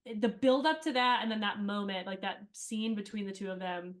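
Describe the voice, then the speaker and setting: A woman's voice: mid-range voice, normal speed. Chatty woman rambling through stories. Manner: chatty, rambling storyteller with many fillers. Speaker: cast member being interviewed. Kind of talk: casual interview chat.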